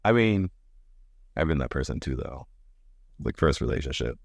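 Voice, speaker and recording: A man co-hosting a podcast in casual chat, laughing often and acting out quoted lines in higher voices. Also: big pitch swings, normal speed, gravelly, no echo, clean studio sound. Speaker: podcast co-host.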